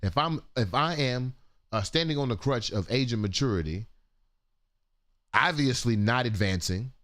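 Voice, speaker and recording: A man's voice: medium pitch, expressive, normal speed, a bit bright. A man co-hosting a casual morning livestream talk show, joking and profane in loose banter.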